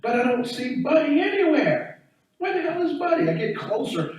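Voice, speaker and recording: Animated stand-up comedian man in an echoey hall. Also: normal speed. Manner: animated storytelling, swinging up and down in pitch. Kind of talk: stand-up set. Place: event hall on campus. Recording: echoey room, distant mic.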